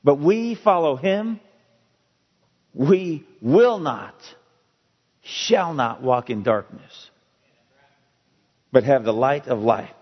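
A man preaching a sermon, slow and emphatic, with dramatic pauses. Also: mid-range voice, expressive, husky. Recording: dull audio with long hall reverb.

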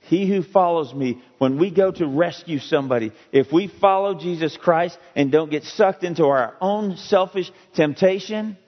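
A man preaching a sermon, slow and emphatic, with dramatic pauses. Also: on the high side. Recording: dull audio with long hall reverb.

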